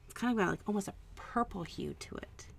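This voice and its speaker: A woman hosting a casual live stream at home, chatting and musing aloud while she paints, with soft trailing asides. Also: medium pitch, expressive, a little fast, vocal fry. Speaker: art channel host.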